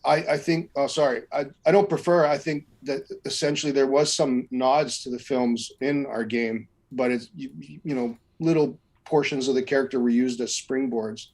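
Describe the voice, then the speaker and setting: A man, a voice actor, speaking in a measured, slightly halting way on a video call. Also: medium pitch, fairly even intonation, a little mellow. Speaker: voice actor guest. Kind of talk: casual group chat.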